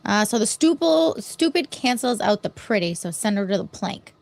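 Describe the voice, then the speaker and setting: A woman co-hosting a casual chat, teasing and jumping in with quick remarks and reading out comments. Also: mid-range voice, very animated, creaky, darkish tone, dry recording.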